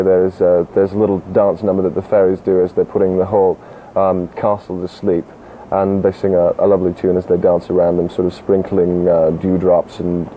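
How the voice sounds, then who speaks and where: A young Canadian-born actor with a mid-Atlantic accent somewhere between Canadian and English, chatting in an interview in a self-deprecating way. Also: male voice, sits low, mellow. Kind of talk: casual interview chat. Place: local cable TV studio. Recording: old 1980s cable TV tape, tinny and hissy.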